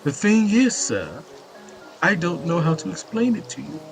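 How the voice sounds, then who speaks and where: A fretful, theatrical newspaper seller in a video game, fussing at length, as a man reads his lines. The voice sits high and bright. Faint music plays behind him. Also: sing-song, normal speed, vocal fry, poor audio. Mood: chatty. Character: fussy middle-aged male newspaper seller. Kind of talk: reading game dialogue aloud.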